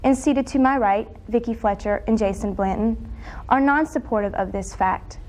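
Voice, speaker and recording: A woman's voice: a little high, darkish tone, low-quality recording. A young woman from Florida moderating a student discussion panel, reading formal introductions with the odd slip. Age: young adult. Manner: reads introductions evenly, with small slips.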